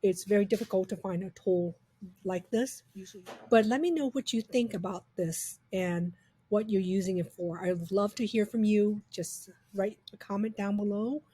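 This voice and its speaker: Breathy woman reviewer, enthusiastic and casual, mid-pitched tone. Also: normal speed, warm tone. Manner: upbeat, chatty, enthusiastic. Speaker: software reviewer. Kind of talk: casual screen-recorded software demo.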